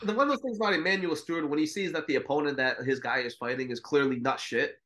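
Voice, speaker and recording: A man's voice: fairly high pitch, steady tone, fast talker, a bit bright. A man co-hosting a boxing podcast, talking in a laid-back, profane way full of filler words. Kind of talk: casual chat.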